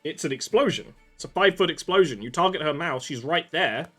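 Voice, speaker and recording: A man running a tabletop game as game master, his pitch rising and falling with lively energy. He narrates casually, tossing off quick asides and laughing with his players, over faint music in the background.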